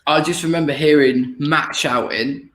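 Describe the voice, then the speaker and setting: A man in casual chat, relaxed, adding his side of an airsoft story. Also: fairly high pitch, moderate pace, roomy sound. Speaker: airsoft player, co-guest.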